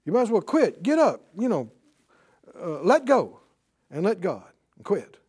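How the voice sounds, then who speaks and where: Man preacher, high voice, wide swings, punchy exhorting class teacher. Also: unhurried, breathy edge. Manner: animated, punchy call-and-response preaching. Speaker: Bible teacher. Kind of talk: exhortational sermon-style class.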